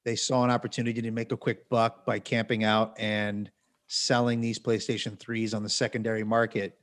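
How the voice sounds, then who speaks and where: A man's voice: lowish voice, flat delivery, normal speed. Wry man rambling through a story. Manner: rambling, with self-corrections and asides; wry, self-mocking. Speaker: podcast co-host. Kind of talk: casual storytelling.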